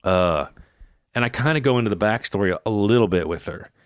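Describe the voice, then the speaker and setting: A man's voice: lowish voice, fast, no echo, studio quality. A man co-hosting a podcast, telling a personal story in casual chat, candid and swearing freely. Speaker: podcast co-host.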